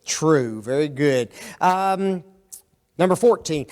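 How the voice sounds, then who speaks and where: A man's voice: on the high side, expressive, drawn-out words. A man preaching an interactive Bible class, asking the room questions, repeating their answers and tagging his points with "okay?". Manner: often tags lines with "okay?" and "don't they?". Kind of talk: interactive Bible study sermon.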